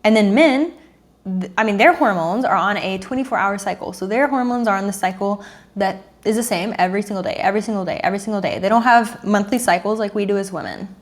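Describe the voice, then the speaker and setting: A woman's voice: medium pitch, fast. A woman in her thirties, a dating coach, talking earnestly and emotionally to camera, repeating herself and sighing.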